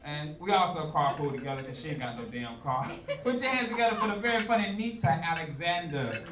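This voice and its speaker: A man with a high voice hosts a comedy club show, telling his stories loudly. The sound is roomy and heard from a distance, with heavy noise over it. It comes across as a raw live club recording. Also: fairly quick. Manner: loud, animated storytelling with swearing. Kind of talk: stand-up comedy hosting.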